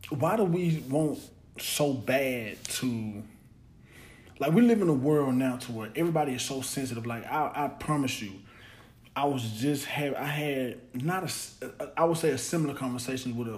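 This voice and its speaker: A man's voice: mid-range voice, darkish tone. A man hosting a podcast, talking in a blunt, rambling casual monologue full of slang and repeated words. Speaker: podcast host.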